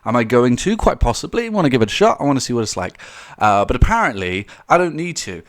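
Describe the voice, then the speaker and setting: Young man, casual vlog commentary, rambling, lively swooping pitch, mid voice. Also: fast. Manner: rambling, animated, laughs often, mocking quoted voices; many fillers and restarts. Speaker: commentary YouTuber.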